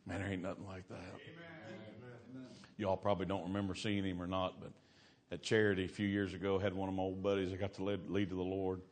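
A man's voice: low voice, little pitch movement, a little fast, crowd noise. A middle-aged man preaching an evangelistic sermon, folksy and exclamatory, telling stories and acting out the voices in them.

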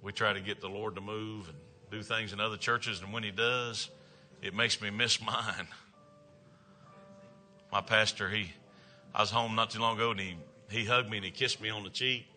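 Southern male evangelist, emphatic folksy sermon delivery, sharp bright tone. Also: on the low side, steady tone, moderate pace, soft background music. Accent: Southern American. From American South. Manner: folksy, emphatic, calls out "amen". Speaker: traveling evangelist. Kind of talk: revival sermon.

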